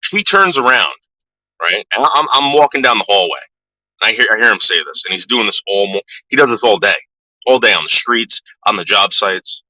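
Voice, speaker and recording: Low, sharp-voiced blunt man. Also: lively intonation, fairly quick, no echo, rough recording. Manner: blunt and profane, rambling. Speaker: vlogger. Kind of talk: casual storytelling to camera.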